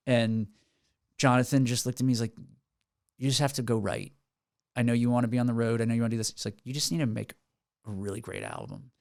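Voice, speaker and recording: A man's voice: medium pitch, animated, fast talker, vocal fry, pauses often, a little mellow, no room sound, clean studio sound. Earnest, rambling man on a podcast. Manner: rambling, earnest storytelling with many restarts. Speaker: musician guest. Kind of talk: casual podcast interview. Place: podcast studio.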